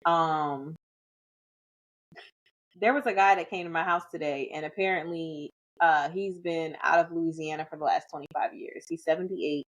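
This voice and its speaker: A woman guest telling a lively anecdote in casual conversation. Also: sits low, moderate pace. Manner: animated, chatty anecdote-telling. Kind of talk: casual storytelling.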